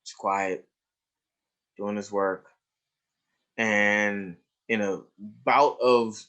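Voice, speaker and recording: A man's voice: lowish voice, fairly even intonation, slow pace, long pauses. A man presenting a webinar lecture on trauma, telling classroom stories emphatically and checking in with listeners with "right?" and "you see?". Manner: emphatic storyteller, swings between hushed and raised, stretched phrases.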